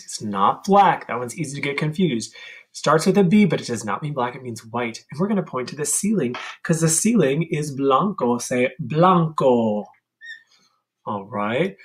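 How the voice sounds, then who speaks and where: Slow-paced man teaching Spanish. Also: medium pitch. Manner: slow and deliberate, with playful sound effects and chanting. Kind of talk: classroom-style vocabulary lesson.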